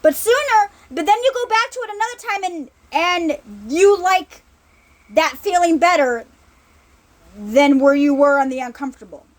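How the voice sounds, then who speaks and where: Woman ministry speaker, informal sermon, high animated voice, chatty and repetitive. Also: moderate pace. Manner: conversational, repeats herself, checks in with "right?".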